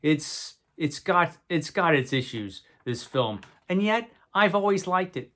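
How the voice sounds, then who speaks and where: A man's voice: fairly high pitch, lively intonation, a little slow, fairly bright tone. A man hosting a video, casually talking through films he likes with wry, rambling asides and frequent self-corrections. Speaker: video host reviewing movies. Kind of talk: casual unscripted talk to camera.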